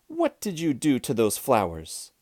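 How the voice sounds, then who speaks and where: A man's voice: medium pitch, huge pitch swings, measured pace, a little mellow, dry recording, clean studio sound, pitched above the performer's own voice. A man voicing a fussy, exasperated lady of the house in a children's storybook read-aloud, scolding and exclamatory.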